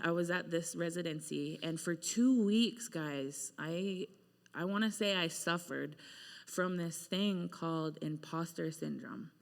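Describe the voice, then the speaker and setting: A woman's voice: lowish voice, creaky, a bit bright. A woman singer-songwriter telling a chatty, self-mocking story between songs on a concert hall stage, speaking into a stage microphone. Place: concert hall stage before a live audience. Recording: long reverb of a large hall.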